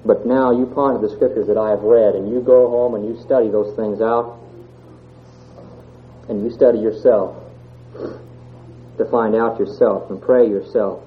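A man's voice: lowish voice, fairly even intonation, normal speed, long pauses, a little hiss or hum. A man giving a sermon, reading scripture and asking the congregation earnest questions. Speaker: church speaker. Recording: tinny phone-like sound.

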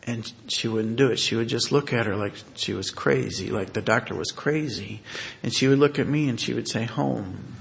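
Man, gravelly tone, halting personal storyteller who restarts often. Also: mid-range voice. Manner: halting, with many fillers and restarts. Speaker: husband telling a family story.

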